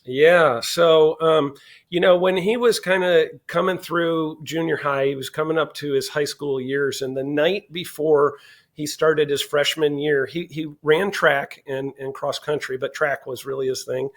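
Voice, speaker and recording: Animated middle-aged man telling a story. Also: a little high, measured pace. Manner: animated storyteller, acts out dialogue. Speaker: podcast guest. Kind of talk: storytelling in casual interview.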